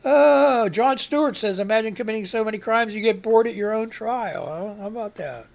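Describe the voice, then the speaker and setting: A man's voice: high voice, normal speed, vocal fry, a little hiss or hum. Rambling male radio host. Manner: rambling, reads headlines aloud and reacts with outbursts. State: fighting a cough. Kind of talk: casual live news commentary.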